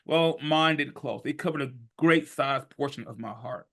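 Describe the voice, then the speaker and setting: Animated man in his fifties, bright voice. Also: a little high, normal speed. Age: 50s. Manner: animated, emphatic, breaks into bursts of shouting. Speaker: podcast guest. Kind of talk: storytelling in conversation.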